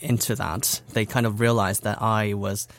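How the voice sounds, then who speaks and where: A man's voice: lowish voice, steady tone, normal speed, creaky, a bit bright, a little hiss or hum. Chatty young Korean man, laughing often. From South Korea. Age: young adult. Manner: chatty, laughs often, many fillers like "like" and "you know". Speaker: interview guest. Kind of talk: casual interview chat.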